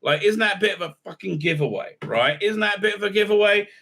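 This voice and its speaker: A man's voice: high voice, lively intonation, fast talker, vocal fry, pushed and bright. A man giving an exasperated, sarcastic recap review, full of "uh" fillers. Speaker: YouTube reviewer. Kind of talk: ranting episode recap.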